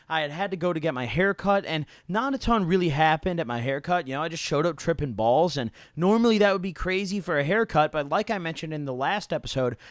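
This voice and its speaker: Young dude rambling thru a crazy story, kinda high voice, dead dry sound, swears a lot. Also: male voice, fairly bright tone, no room sound. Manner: rambling, slangy, lots of "like" and "dude", swearing freely. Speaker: YouTuber. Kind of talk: casual storytelling to camera.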